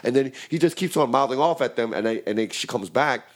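A man, a bouncer and podcast co-host, telling a profane, animated story and acting out the voices and sound effects. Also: mid-range voice, fast talker. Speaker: works as a bouncer. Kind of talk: casual storytelling chat.

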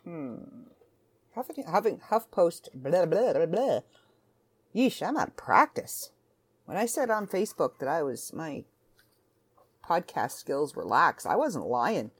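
A woman's voice: low-pitched, sing-song, measured pace, a bit bright, slightly rough. A woman hosting a casual solo podcast from home, chatting in a rambling, self-interrupting way. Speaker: podcast host.

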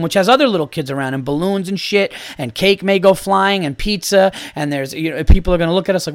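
A man's voice: sits high, animated, quick pace, hardly any pauses, no echo, clean studio sound. Foul-mouthed man ranting sarcastically. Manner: heated, sarcastic, swears constantly; mock-polite voice for imagined replies. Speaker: podcast host; father of a young child. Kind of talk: profane comedic rant.

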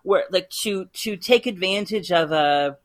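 Woman guest on a podcast, thinks out loud, lots of restarts and trailing bits. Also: fairly low pitch, measured pace. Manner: thoughtful, talks in restarts and trailing phrases. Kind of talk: casual discussion.

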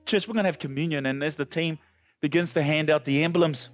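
A male pastor preaching a sermon with passion, often climbing to loud, high peaks. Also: a little fast, no room sound. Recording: dry close sound with faint music.

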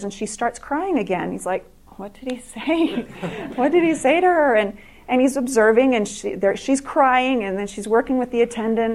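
A woman's voice: a little high, a little mellow. Earnest middle-aged woman telling stories. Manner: earnest, with frequent restarts and repeated words. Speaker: speaker at an evening event. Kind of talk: storytelling speech to an audience.

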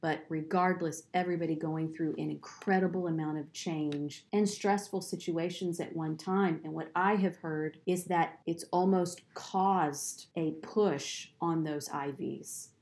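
Low-voiced woman hosting faith talk. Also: steady tone, a little slow, few pauses, a little mellow. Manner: encouraging, affirming listener. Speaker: podcast host. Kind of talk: faith-based conversation.

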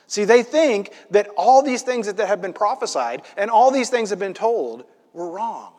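A man preaching a sermon, reading scripture aloud and acting out the story with lively, loud asides. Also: sits high, moderate pace. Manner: animated, dramatizing the story with loud acted-out asides. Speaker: pastor. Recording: long hall reverb.

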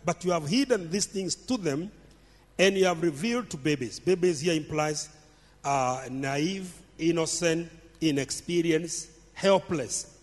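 A man's voice: fairly high pitch, unhurried. Emphatic male preacher in a reverberant hall. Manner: emphatic, repeats phrases for stress. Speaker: pastor. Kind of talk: sermon.

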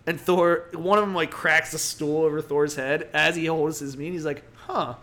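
A man's voice: a little high, normal speed. A man co-hosting a casual podcast, retelling a comic book story with lots of "like" and acted-out quotes. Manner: animated storytelling, acts out quotes, heavy "like" filler. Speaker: podcast co-host.

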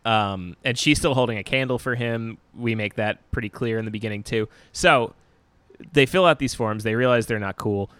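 A man co-hosting a film podcast, talking through a movie's plot in a loose, easygoing way. His voice is clean and smooth, recorded close on a dry mic. He drops the odd swear word and sounds amused. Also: mid-range voice, moderate pace, a bit bright, no echo. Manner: laid-back, swears casually, laughs often. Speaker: podcast co-host. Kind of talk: casual movie recap chat.

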